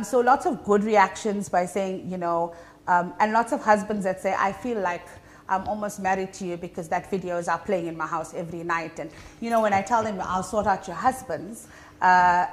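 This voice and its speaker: A comedian guest with a South African Indian English accent tells stories during a casual interview. Her medium-pitched delivery is animated and chatty, packed with fillers.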